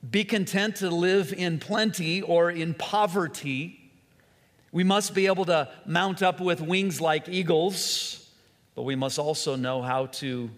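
A man preaching a sermon, earnest and repetitive, sometimes dropping to a soft, quiet voice. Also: a little high. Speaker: pastor. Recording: long hall reverb.

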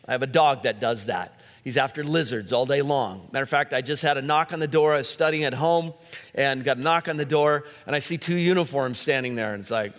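Middle-aged male pastor, slightly high voice, chatty sermon with a long hall echo. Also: fairly bright tone. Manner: conversational preaching with asides and anecdotes. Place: church sanctuary.

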